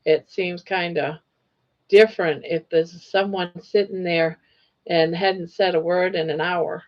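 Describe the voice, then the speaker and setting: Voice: medium pitch, fairly even intonation, unhurried, muffled recording. A panelist on a live chat stream talking casually and hesitantly, often restarting words.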